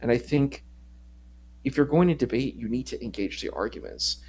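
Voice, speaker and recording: A man guesting on a livestream, critiquing a debate in a measured, rambling, casual way. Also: mid-range voice, expressive, darkish tone, slight background noise. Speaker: stream co-host guest. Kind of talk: casual discussion.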